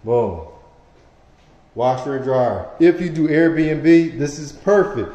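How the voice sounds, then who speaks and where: An enthusiastic man walks through an empty house and talks straight to his viewers in easy slang. His voice sits a little high for a man but stays mellow, with soft edges. The bare rooms throw his voice back in a roomy echo. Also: animated, takes it slowly. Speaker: property manager giving a home tour. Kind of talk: walkthrough video tour.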